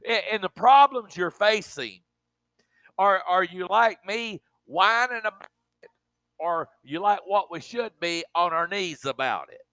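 A man's voice: high voice, expressive, measured pace, sharp tone, no room sound. A man preaching a sermon, emphatic and speaking in a colloquial way to his congregation.

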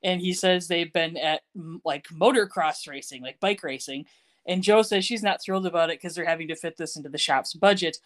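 A woman's voice: fairly low pitch, fairly quick. A woman co-hosting a podcast, chattily recapping a TV episode and laughing often. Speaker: podcast co-host. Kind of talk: casual chat recapping a TV show.

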